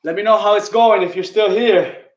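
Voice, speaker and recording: A man's voice: high-pitched, normal speed, reverberant, muffled recording. A man leading a live online kettlebell class, counting reps and giving coaching cues while out of breath. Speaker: fitness coach.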